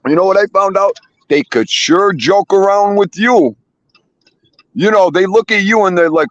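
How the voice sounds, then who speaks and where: Blunt old-school man, lively pitch. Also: normal speed, creaky, dry recording, dull audio. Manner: blunt old-school talker, swears freely. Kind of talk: casual chat.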